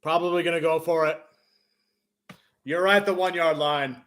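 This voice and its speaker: High-voiced excitable male sports fan. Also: normal speed. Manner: excitable, bursts into loud cheers. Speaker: live stream host. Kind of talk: fan play-by-play reaction.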